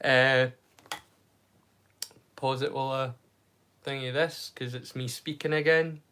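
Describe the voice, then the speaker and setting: A man's voice: medium pitch, steady tone, slow, fairly bright tone, smooth. A man from the far north of the UK, hosting a casual live watch-along stream in a rambling, chatty way with frequent restarts.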